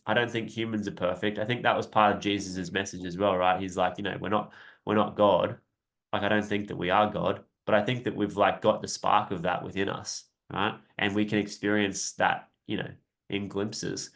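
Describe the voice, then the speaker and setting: Chill young guy kinda low voice, rambly coaching livestream, says right? a lot. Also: vocal fry. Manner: relaxed, rambling, often adds "right?"; laughs lightly now and then. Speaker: self-help coach. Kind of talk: casual live-stream talk.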